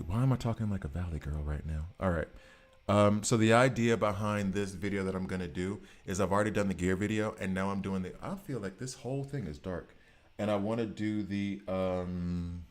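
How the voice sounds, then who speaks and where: A man streaming a game, chatting casually and rambling to his viewers, often correcting himself mid-sentence. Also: sits low. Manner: rambling, self-correcting, chats directly with viewers. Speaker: gaming streamer. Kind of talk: casual live-stream chat.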